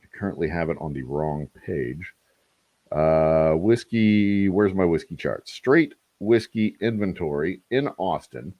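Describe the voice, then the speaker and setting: A man's voice: low-pitched, animated, measured pace, no room sound, highs cut off. A man, hosting a casual distillery livestream and chatting to viewers with rambling, joking asides. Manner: rambling, talks to chat, self-deprecating jokes.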